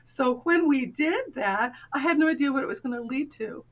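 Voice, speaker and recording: A woman's voice: high-pitched, moderate pace, lo-fi sound. A middle-aged woman, a confidence coach, telling a personal story in a casual interview and animatedly acting out the voices of the people in it. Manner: animated, acts out quoted voices.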